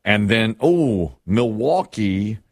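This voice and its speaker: A man hosting a casual sports talk show, telling stories in an animated way and laughing as he goes. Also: fairly low pitch, takes it slowly, no echo, clean studio sound. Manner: animated storyteller, laughs, mimics others.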